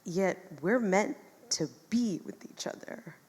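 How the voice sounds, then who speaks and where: A woman in a stage talk, speaking reflectively and softly to an audience. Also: mid-range voice, slow, breathy edge, in a large hall. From United States.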